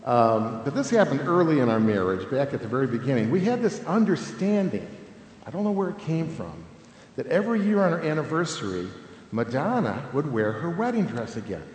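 A man's voice: medium pitch, a little fast. A man in his fifties giving a humorous conference talk on family ministry, telling stories and checking in with "okay?" all the time. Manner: animated, humorous, keeps adding "okay?". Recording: echoey hall with long reverb, faint noise.

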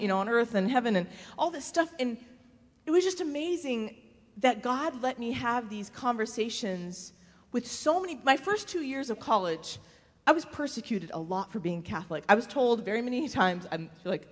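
Animated woman telling stories in a hall. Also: a little high. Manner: animated storyteller, acts out voices, laughs often. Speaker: speaker giving a faith talk. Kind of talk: humorous testimony to a live audience. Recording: long hall reverb.

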